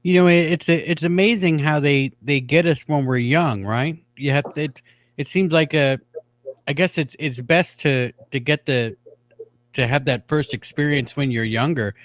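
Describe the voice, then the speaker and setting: Halting male host on a dry mic. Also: a little high, no echo. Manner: halting, stumbling over restarts. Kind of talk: casual chat.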